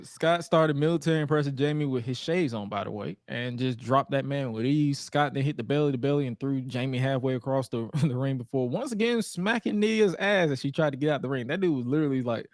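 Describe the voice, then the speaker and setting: A man co-hosts a podcast, recapping old wrestling shows in casual chat with a medium-pitched voice, fairly quick and with few pauses. He tells the stories with animation, acting out the wrestlers' lines in playful put-on voices, and the studio recording is dry.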